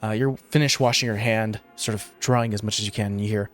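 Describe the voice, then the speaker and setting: A man narrating a tabletop game as game master, relaxed and laid back, with many filler sounds. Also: on the low side, fast, few pauses, faint music behind.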